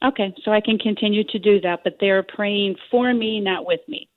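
A woman calling in to a radio show, agreeable and quick to say okay. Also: medium pitch. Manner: agreeable, says okay often. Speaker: caller. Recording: tinny phone line.

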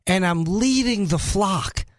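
A man's voice: high-pitched, animated, slow. A man from New York filling in as a talk radio host in a studio, joking and self-mocking, with rambling asides.

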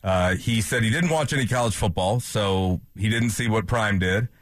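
A man co-hosts a sports radio show with a husky, slightly raspy voice. His sound is dry and close, and he keeps the conversation easygoing. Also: lowish voice, normal speed, dry recording. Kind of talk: sports talk radio chat.

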